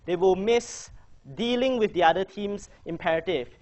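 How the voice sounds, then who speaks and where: A man's voice: high-pitched, moderate pace, darkish tone, dull audio. A man coaching a debating workshop, chatty and joking as he quizzes his audience. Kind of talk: casual workshop presentation.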